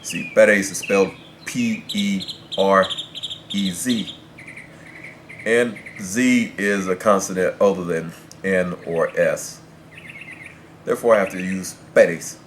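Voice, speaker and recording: A man's voice: deep voice, steady tone, slow pace, fairly bright tone, a little hiss or hum. A man teaching as a Spanish tutor, patiently explaining rules and spelling words out letter by letter.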